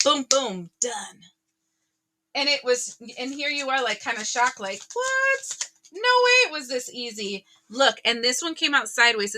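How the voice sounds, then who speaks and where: A woman giving a casual tarot reading to her viewers, chatty and animated, often laughing and exclaiming. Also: fairly high pitch. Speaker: tarot reader.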